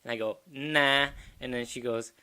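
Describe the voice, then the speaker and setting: A man's voice: medium pitch, lively intonation, a little fast, fairly bright tone. A man hosting a casual podcast, spinning a crude anecdote with plenty of rambling detours. He laughs at his own jokes as he goes, loose and unpolished. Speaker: podcast co-host. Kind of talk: casual comedic storytelling.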